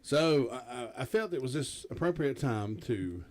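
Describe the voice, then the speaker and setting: A man's voice: medium pitch, lively intonation, normal speed. A man hosting a morning radio show, joking around and laughing often. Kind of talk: casual radio banter.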